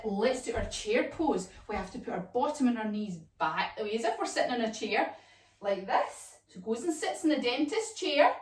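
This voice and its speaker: A woman teaching a children's yoga class as a story, animated and sing-song with playful sound effects. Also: on the high side. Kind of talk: storytelling kids' yoga lesson. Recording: echoey room, voice from far off.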